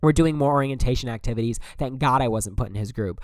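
A young man hosting a podcast, telling a story in an animated, exasperated way and swearing often. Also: mid-range voice, fast talker, no room sound, studio quality. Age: young adult. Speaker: podcast host. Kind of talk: casual storytelling monologue.

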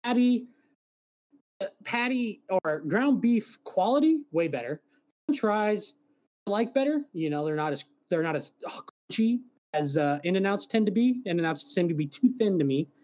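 A man's voice: high-pitched, animated, normal speed, a little mellow. A man co-hosting a podcast, chatting casually and rambling, swearing now and then. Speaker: podcast co-host. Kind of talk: casual chat.

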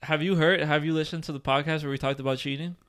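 A man's voice: a little high, steady tone, fast talker, fairly bright tone, smooth. A man from Uruguay co-hosting a podcast, joking, teasing and getting defensive in casual banter. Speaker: podcast co-host.

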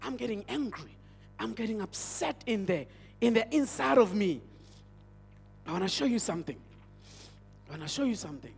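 A man's voice: high voice, very animated, moderate pace, gravelly, pauses often, husky. A male pastor with a South African accent, preaching a sermon as an emphatic storyteller who repeats his phrases. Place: church hall. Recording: church hall with long reverb.

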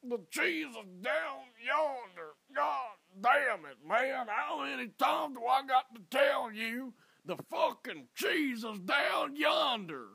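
A man putting on an exasperated, shouting voice of someone yelling about cheese, high and drawn out. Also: animated, slow pace, gravelly, slightly rough, exaggerated voice.

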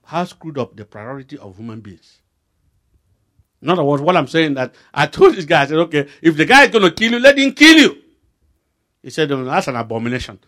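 A middle-aged man with a Nigerian accent delivers a sermon full of stories. His fairly high voice climbs and drops a lot, and he punches key lines loudly. The talk is lively. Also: quick pace. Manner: animated storytelling with voice rising sharply for emphasis. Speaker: preacher.

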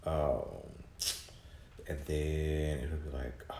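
A man's voice: rumbling low, steady tone, slow, creaky, dark tone, a little hiss or hum. A man rambling through a casual, profane solo podcast monologue, full of restarts and mumbled asides. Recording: echoey room with faint guitar music.

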